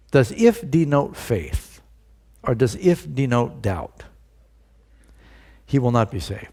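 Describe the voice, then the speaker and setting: A man's voice: mid-range voice, warm tone. A male pastor preaching a sermon, putting rhetorical questions to his listeners and stressing key words.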